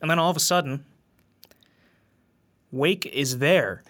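Slow, bright-toned male podcast co-host. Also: on the high side. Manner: unhurried plot recap with fillers. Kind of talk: casual film review chat.

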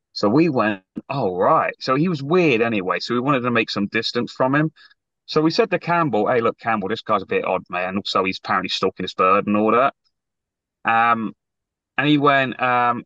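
A man telling a story with plenty of energy, putting on voices for everyone he quotes and swearing as he goes. His voice sounds bright and a little raised, with a dry, dull quality like a call recording. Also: mid-range voice, no room sound. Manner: animated storyteller, acts out quotes, swears freely. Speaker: podcast co-host telling a story. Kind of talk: casual storytelling chat.

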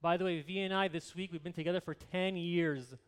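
High, smooth-voiced man preaching. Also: fairly even intonation, brisk. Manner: earnest, conversational preaching with emphatic repetition. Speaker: pastor. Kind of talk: sermon.

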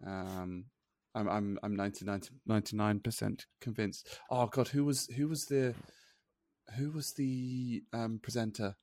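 A man's voice: lowish voice, steady tone, a little slow, darkish tone, dry recording. A man co-hosting a podcast in casual chat, easygoing, trailing off as he tries to recall names. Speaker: podcast co-host.

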